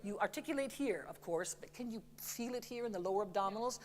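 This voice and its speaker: Lively woman coaching singers in a theater. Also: mid-range voice, quick pace, big-room sound. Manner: lively, demonstrative, sings examples between remarks; chatty, apologetic humor. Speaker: voice teacher. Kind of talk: masterclass coaching. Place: theater stage.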